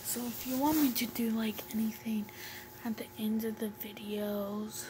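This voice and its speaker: A woman's voice: a little high, fairly even intonation, moderate pace, noisy background. A woman talking casually as a new YouTuber, rambling with many fillers and often half-whispering. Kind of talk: casual comic-reading vlog.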